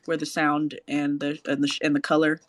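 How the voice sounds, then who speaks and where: A man hosting a casual chat, animated and gushing, swearing freely. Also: fairly high pitch, a little fast, no room sound. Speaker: host.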